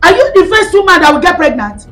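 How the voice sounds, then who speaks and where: A woman playing a bossy, scolding Nigerian mother-in-law in a comedy skit, mocking her daughter-in-law and shouting in bursts. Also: extremely high pitch, very animated, quick pace, reverberant, faint music behind, full character voice, low-quality recording.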